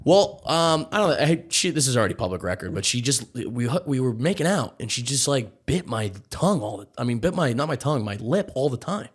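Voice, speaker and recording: Laid-back man, lively voice. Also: medium pitch, brisk, hardly any pauses, slightly rough. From Boston. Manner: laid-back, laughs often, storytelling. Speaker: comedian guest. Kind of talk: casual comedic chat.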